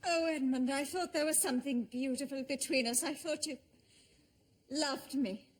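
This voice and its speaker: Wartime nurse, high voice, melodramatic , played by an actress. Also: female voice, normal speed, close to an everyday voice. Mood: pleading. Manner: wounded, melodramatic pleading. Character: young wartime nurse unmasked as a spy. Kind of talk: TV sitcom acting.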